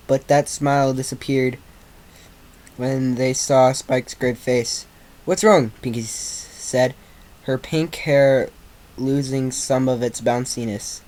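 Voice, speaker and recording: A man reading a story aloud at a slow, careful pace. He stumbles and restarts often in an unpolished, amateur delivery. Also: mid-range voice, darkish tone. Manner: slow, halting, with slips and restarts. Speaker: fan fiction reader.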